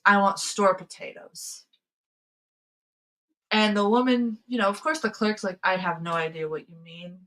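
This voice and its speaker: A woman's voice: mid-range voice, fairly bright tone, poor audio. A woman hosting a casual livestream, telling rambling stories and laughing often. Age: adult, past high school. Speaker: livestream host. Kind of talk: casual chat with viewers.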